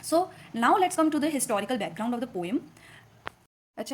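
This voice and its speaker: A woman with an Indian accent giving a literature lecture while suffering from a cold, explaining step by step with frequent fillers and quick check-ins to her students. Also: high-pitched, sing-song, slight background noise. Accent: Indian English. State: has a cold. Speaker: literature teacher. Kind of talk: classroom lecture.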